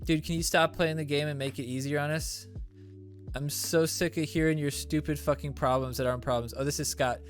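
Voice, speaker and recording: A man's voice: a little high, steady tone, a little fast, faint music behind. Joking, profane male streamer. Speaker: streamer host. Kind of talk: casual stream chat reading comments.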